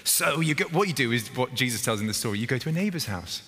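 A man's voice: medium pitch, animated, fast talker, sharp tone, slightly rough. A man preaching a sermon as a vicar, chatty and informal, often restarting his sentences and acting out little stories. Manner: chatty, self-interrupting, acts out stories. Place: church. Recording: long church hall reverb.

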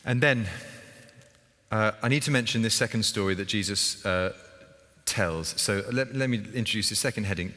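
A man's voice: on the low side, a little fast, pushed and bright. A man preaching a sermon as a vicar, chatty and informal, often restarting his sentences and acting out little stories. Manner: chatty, self-interrupting, acts out stories. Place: church. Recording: long church hall reverb.

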